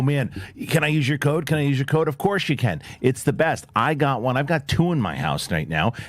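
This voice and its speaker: A middle-aged man hosting a casual podcast, rambling and excitable as he chats and reads ads. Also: lowish voice, dry recording. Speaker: podcast host. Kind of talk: casual chat and live ad reads.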